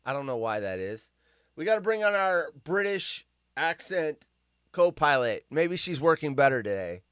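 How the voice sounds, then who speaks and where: A man hosting a casual livestream, rambling and sarcastic as he reacts in disbelief. His voice sits a touch high and swings widely in pitch. It is smooth and clear, recorded close and dry. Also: sing-song, moderate pace, a bit bright, no room sound. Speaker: livestream host.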